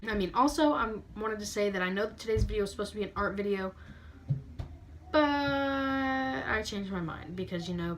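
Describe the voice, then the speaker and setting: Her medium-pitched voice is creaky, and slight background noise sits behind it. A beauty vlogger in her late teens, she gives a bubbly, sassy, casual tour of her bedroom while breathing hard through a stuffed-up nose.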